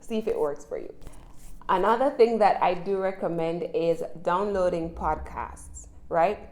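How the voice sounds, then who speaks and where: Jamaican woman teaching English, lowish voice. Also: a little mellow. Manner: chatty, encouraging, frequent tag questions. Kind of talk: casual spoken lesson.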